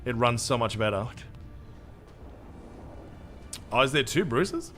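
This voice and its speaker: A man's voice: medium pitch, animated, a little slow, fairly bright tone, soft background music. An Australian man streaming a game, chatting casually with his viewers in a jokey, self-mocking way and swearing freely. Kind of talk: live gameplay commentary, reading chat.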